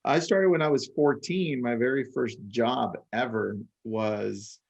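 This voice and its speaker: A man with a gravelly, fry-tinged voice chats casually on a real estate panel. He tells stories with animated energy and tosses in quick asides. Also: mid-range voice. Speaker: podcast co-host.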